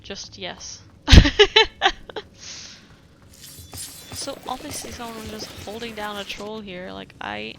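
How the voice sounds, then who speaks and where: A woman's voice: medium pitch, normal speed, vocal fry, few pauses, music in the background. A woman streamer chatting casually over gameplay in a laid-back way, often laughing.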